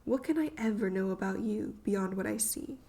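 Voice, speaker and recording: A woman voicing a fragile, frightened young woman, speaking her thoughts in hushed whispers. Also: medium pitch, moderate pace, breathy edge. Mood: hesitant.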